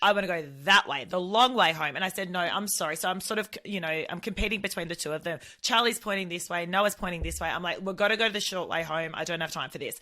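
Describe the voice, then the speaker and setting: A woman's voice: fast, hardly any pauses. A woman, a podcast co-host and mother, telling a parenting story in casual chat and acting out her toddler's crying voice. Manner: animated retelling, acts out her toddler's shrill crying voice.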